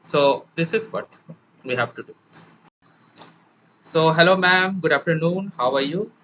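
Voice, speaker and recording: A man's voice: on the high side, a little slow, bright, forceful tone, a little hiss or hum, rough recording. A man from Bengal with an Indian English accent, an English teacher hosting a conversation and explaining pronunciation, often checking with "right?". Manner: explains with many "right?" tag questions. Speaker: English teacher and channel host. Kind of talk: casual conversational interview.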